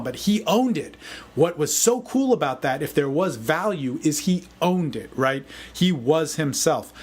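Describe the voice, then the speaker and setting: A man giving a casual, energetic motivational talk as a dating coach, often saying "man". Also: on the high side. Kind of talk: casual video talk answering a forum question.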